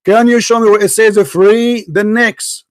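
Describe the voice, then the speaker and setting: High-voiced man, combative debate host. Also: steady tone, a little slow, clean tone, no echo. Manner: combative, mocking, repeats demands. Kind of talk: heated live debate.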